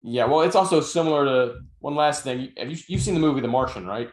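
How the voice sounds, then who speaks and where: A middle-aged novelist co-hosting a casual podcast talks fast in a mid-range voice. He tells stories with a dry, wry touch, and the recording has a roomy echo.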